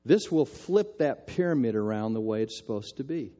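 An older man preaches a sermon, telling a story in a lively, self-mocking way. His mid-range voice moves at a moderate pace, and the audio sounds dull.

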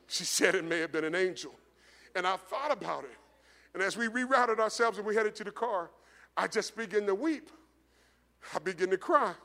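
A middle-aged man preaching a sermon in a relaxed, conversational storytelling way, repeating his phrases and building toward rising intensity. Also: high voice. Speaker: pastor. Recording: long hall reverb.

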